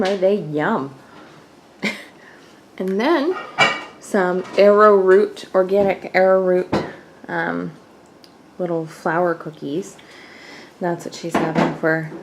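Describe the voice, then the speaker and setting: A woman's voice: fairly low pitch, background noise. A young woman chatting casually through her daily vlog in her home kitchen, rambling and laughing often. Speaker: vlogger.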